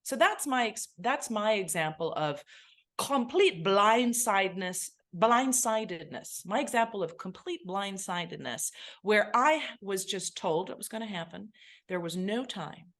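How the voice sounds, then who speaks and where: A woman from England, a podcast guest, telling her personal story in an animated way and close to tears. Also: mid-range voice, normal speed. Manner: animated, acts out remembered voices. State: emotional, near tears.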